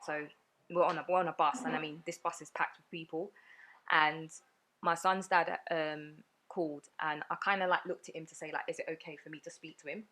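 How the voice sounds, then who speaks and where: Podcast guest, woman, deep voice, quick earnest storytelling full of fillers. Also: steady tone, a bit bright. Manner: earnest, rapid retelling with many fillers. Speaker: guest sharing her story. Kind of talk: personal storytelling in a podcast interview.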